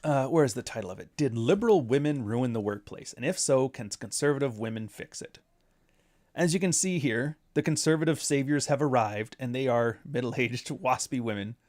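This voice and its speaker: A man of middle pitch talks through a casual commentary, wandering off on tangents with sarcastic jabs. The sound is close and dry, with no room around it. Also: moderate pace, darkish tone, no echo. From Canada. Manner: rambling, sarcastic asides. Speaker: commentary host.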